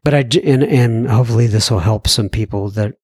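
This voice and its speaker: A man hosting a recovery podcast, reading listener emails aloud and answering them in a gentle, sympathetic way. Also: brisk, husky, no room sound, clean studio sound. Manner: gentle, sympathetic replies, softer and lower than his reading voice.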